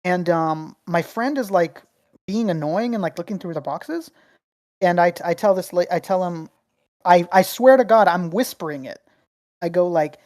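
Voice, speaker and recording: A woman co-hosts a laid-back podcast in a lowish voice and tells rambling stories full of swearing. She talks with lots of energy and many asides. The sound is dry and close to the mic. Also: moderate pace, dry recording. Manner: profane, rambling, animated storyteller. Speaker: podcast co-host. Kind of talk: casual chat, storytelling.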